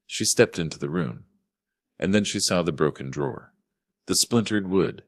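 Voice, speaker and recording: An older man narrating a scripted first-person story in a measured, grave manner. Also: deep voice, animated, dry recording.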